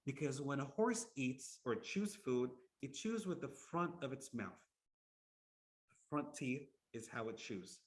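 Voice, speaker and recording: A man doing a calm, wise storybook minister. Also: medium pitch, a little slow, lightly acted. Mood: explaining. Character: wise, experienced adult male minister.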